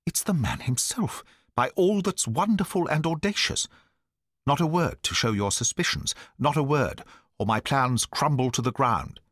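A brisk, commanding male detective, read by a man in an audiobook, pressing his deductions in a crisp, urgent way. The intonation rises and falls with lively range. The recording is dry and close. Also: medium pitch, no room sound, pitched above the performer's own voice. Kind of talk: audiobook dialogue reading.

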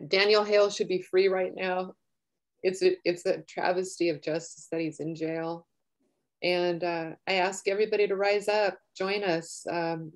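A woman's voice: lowish voice, darkish tone. A woman activist speaking on a panel, making an earnest, urgent appeal to organize against drones. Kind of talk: panel talk.

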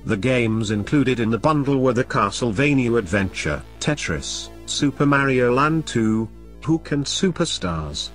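A man's voice: medium pitch, expressive, measured pace, few pauses, faint music behind. A man in a scripted comedy sketch, ranting and boasting with constant swearing. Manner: foul-mouthed, ranting, boastful. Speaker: comedic host playing an angry game collector.

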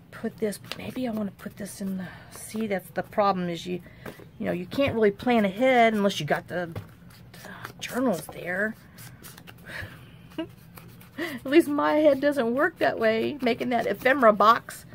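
A woman hosting a casual crafting tutorial. She thinks aloud in a rambling, chatty way and often drops into quiet muttering to herself as she works. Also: medium pitch, moderate pace, creaky, a little hiss or hum. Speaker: crafting channel host.

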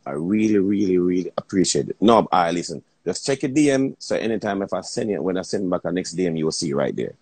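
A Jamaican man hosting a phone livestream, talking excitedly, swearing and repeating himself. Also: sits low, fast, hardly any pauses, husky, no room sound. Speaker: livestream host. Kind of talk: casual livestream chat.

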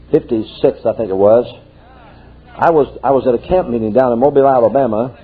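A man's voice: medium pitch, slightly rough. An older male preacher telling folksy stories in a sermon and rising to fervent exclamations. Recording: tinny lo-fi tape.

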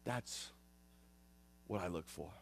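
Speaking slowly in a low, creaky voice, this earnest rabbi in his fifties gives a conversational sermon. He tends to repeat and restart his phrases.

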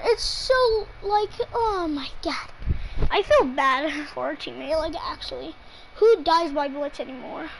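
A female gamer with an extremely high, youthful-sounding voice talks through her match live. She speaks slowly and drawn out, teasing teammates and reacting in mock outrage. A faint hiss of noise sits under her voice. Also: lively intonation, vocal fry, poor audio. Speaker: gamer streaming her play. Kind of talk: live gameplay commentary.

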